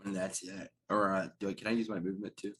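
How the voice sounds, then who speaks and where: Brief: deep-voiced man, relaxed gamer, faint hiss behind. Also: quick pace, poor audio. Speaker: player. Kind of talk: casual tabletop play.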